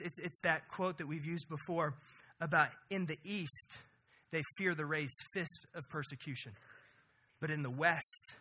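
High bright energetic male preacher. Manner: energetic, conversational preaching with frequent "right?". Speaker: pastor. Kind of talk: sermon.

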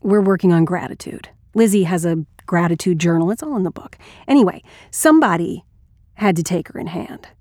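A woman's voice: on the low side, brisk, darkish tone, no echo, clean studio sound, natural voice. A woman reading an audiobook as a blunt, wry, crude male ex-Marine narrator.

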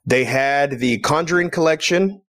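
A man's voice: on the high side, moderate pace, fairly bright tone. A man co-hosting a casual chat, easygoing and chatty. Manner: easygoing, chatty, laughs often. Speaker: podcast co-host.

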